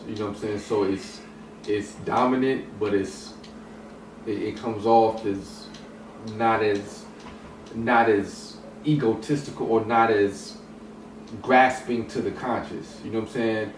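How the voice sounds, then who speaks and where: A man's voice: lowish voice, steady tone, a little slow. A man in a casual hip hop discussion, talking in a rambling way with many restarts and fillers. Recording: roomy echo, distant mic, some noise.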